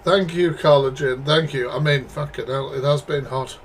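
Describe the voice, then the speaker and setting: A man's voice: medium pitch, steady tone, normal speed, background noise. A British man reacting live to clips, talking bluntly and swearing with exasperated asides to his chat. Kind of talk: casual live commentary.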